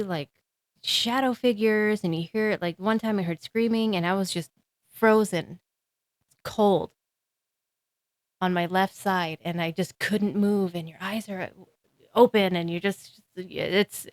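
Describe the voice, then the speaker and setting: A woman's voice: mid-range voice, measured pace, no echo. A woman in her thirties hosting a solo podcast, talking casually in a rambling way with frequent ums and small laughs. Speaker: podcast host.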